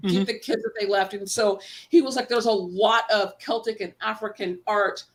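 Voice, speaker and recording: A woman's voice: medium pitch, fairly even intonation, moderate pace. An American woman telling a long rambling story in casual chat, acting out the people she quotes. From United States. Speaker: guest panelist.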